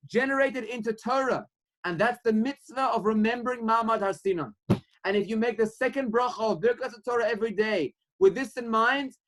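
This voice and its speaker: A man's voice: extremely high pitch, low-quality recording. A man, a rabbi, giving an earnest Torah class, telling a story and urging listeners, mixing in Hebrew and Yiddish terms. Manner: earnest, rising to animated when quoting, mixes Hebrew and Yiddish terms.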